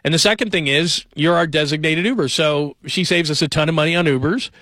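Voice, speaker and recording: A man's voice: a little high, brisk, bright, forceful tone, no room sound. A man in his forties hosts a sports radio show. He talks casually and tells joking stories in a slightly raised voice. His voice comes through a studio microphone with a dry, close sound. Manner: chatty, joking storyteller.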